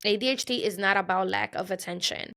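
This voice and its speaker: Chatty woman with a gravelly voice. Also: mid-range voice, fairly quick, sharp tone. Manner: chatty storytelling, repeats phrases for emphasis. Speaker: podcast host. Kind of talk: casual solo podcast monologue.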